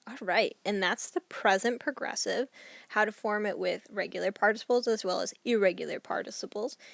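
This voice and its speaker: A woman teaching a recorded Spanish grammar lesson, explaining each rule clearly and reading example sentences aloud. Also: mid-range voice, dry recording.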